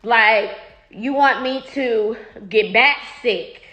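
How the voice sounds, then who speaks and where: A woman's voice: on the high side, slow, highs cut off. A woman talking casually straight to her followers, blunt and profane, repeating herself when riled. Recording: echoey room.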